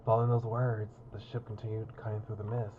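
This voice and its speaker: A man's voice: on the low side, level tone, fast talker, dull audio, a little hiss or hum. A man reading through a visual novel on stream, narrating and chatting about it in a rambling, casual way with lots of fillers. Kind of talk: casual game commentary and narration.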